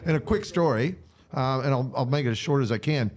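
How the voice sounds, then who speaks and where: Man, quick talker, animated storyteller, casual podcast chat. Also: mid-range voice. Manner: animated storyteller, acts out dialogue. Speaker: real estate guest.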